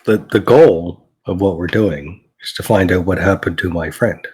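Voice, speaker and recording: A man's voice: sits low, moderate pace, darkish tone, slightly rough. A man playing a tabletop game who talks bluntly and argues his point. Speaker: player.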